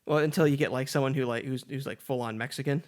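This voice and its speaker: A man co-hosting a casual podcast, rambling and joking with quick asides and quoted voices. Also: medium pitch, fairly even intonation. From San Diego area, California. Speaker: podcast co-host. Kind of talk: casual chat.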